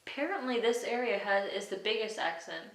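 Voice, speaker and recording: A woman's voice: mid-range voice, expressive, a little fast. Woman interviewer, curious brief prompts, roomy echo, faint background noise. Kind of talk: casual interview questions. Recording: echoey room.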